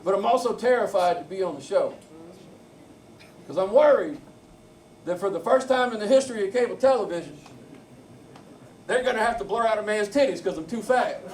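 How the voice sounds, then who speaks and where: A man's voice: high voice, lively intonation, a little fast, long pauses, darkish tone, slight background noise. A man with a Southern accent doing a brash, crude stand-up set, bantering with the crowd in a bar. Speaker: stand-up comedian. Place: comedy bar stage. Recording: echoey club from far off, crowd.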